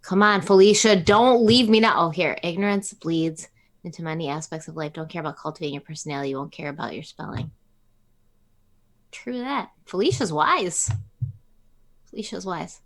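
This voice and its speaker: A woman's voice: on the low side, moderate pace. A woman co-hosting a casual live stream, chatting and teasingly reading names from the chat aloud.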